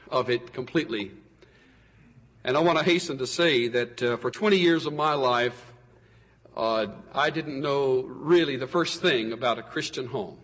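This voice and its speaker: A man preaching a sermon as a pastor, with expressive delivery that swings from soaring exclamations to hushed, intimate asides. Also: medium pitch, in a large hall.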